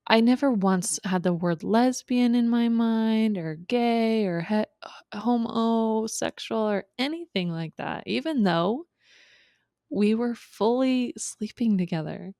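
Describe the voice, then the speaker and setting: A woman telling her own story candidly in a podcast conversation, reflective and halting, often restarting her sentences. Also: fairly high pitch, darkish tone, no echo, clean studio sound. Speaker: podcast guest.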